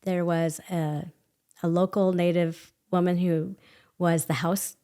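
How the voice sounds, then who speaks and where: A woman guest telling a personal story in an animated way, laughing often and acting out quoted voices. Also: on the low side, takes it slowly. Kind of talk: conversational storytelling.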